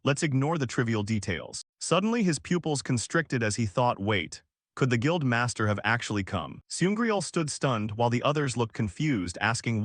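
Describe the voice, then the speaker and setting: Lively male recap narrator, dry sound. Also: medium pitch, normal speed, no echo. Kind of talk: scripted story narration.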